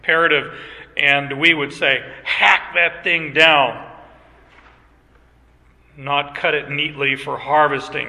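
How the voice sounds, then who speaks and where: Guy preaching a sermon, slightly high voice, echoey hall. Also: bright, forceful tone. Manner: slow and emphatic, reads scripture aloud and explains it. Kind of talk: expository sermon.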